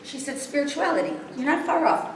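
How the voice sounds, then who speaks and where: A woman's voice: sits high, a little fast. A woman giving a spiritual workshop talk to a live group, often checking that the audience follows. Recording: very echoey room, distant, faint noise.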